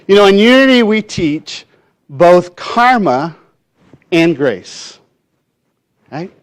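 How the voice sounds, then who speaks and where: A man preaching a sermon in a church, telling a folksy story with many fillers and pauses. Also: a little high. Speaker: minister.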